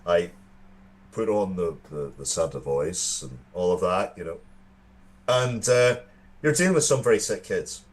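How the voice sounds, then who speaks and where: Irish guy in his 30s, lowish voice, earnest rambling stories, keeps restarting. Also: animated, measured pace. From Ireland. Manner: earnest storytelling with frequent restarts. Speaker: co-host. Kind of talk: casual chat.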